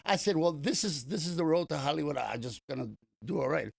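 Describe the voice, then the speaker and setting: A man's voice: on the high side, animated, fast, vocal fry, darkish tone, breathy edge. An older man, a comedian being interviewed, telling long stories in a casual, rambling way with many restarts. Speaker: comedian guest.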